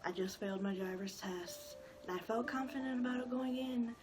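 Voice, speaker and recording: A woman's voice: on the high side, fairly quick, rough recording. Twenty-something girl chatting a storytime vlog, rambly, music playing under her. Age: 20s. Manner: rambling, lots of filler words. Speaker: vlogger. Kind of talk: casual storytime.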